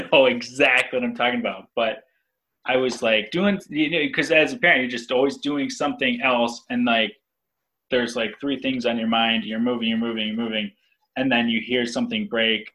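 Man, bright sharp voice, rambling casual podcast chat, average pitch. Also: low-quality recording. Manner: rambling and animated, acts out yelled quotes. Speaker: podcast co-host and father.

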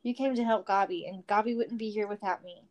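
A woman's voice: medium pitch, fairly quick, darkish tone, lightly acted. A woman reading as a gloomy hobbit boy.

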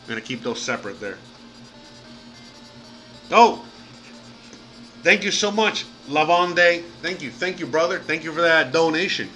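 A man's voice: on the high side, expressive, measured pace, pauses often, pushed and bright, faint music behind, rough recording. A man from Miami chatting casually on a live stream, rambling with lots of fillers, swearing now and then and thanking viewers by name. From Miami, United States.

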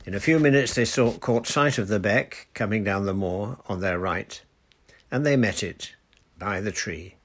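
A man reading a children's adventure story aloud in a measured storytelling manner. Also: lowish voice. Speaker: audiobook narrator. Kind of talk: storybook narration.

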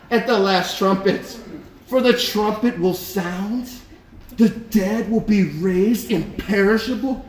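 A young man preaching a sermon to a congregation, telling a story in an animated way with repeated words and frequent laughs. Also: high-pitched, slow. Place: church hall. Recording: echoey room with a congregation. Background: congregation responding.

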